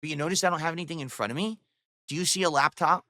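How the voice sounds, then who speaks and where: Racing along in a fairly high, pushed, bright voice with no echo, a man livestreams from his home studio. Speaking into a boom-arm studio mic, he mocks and curses a rival scornfully while speaking to his viewers and chat.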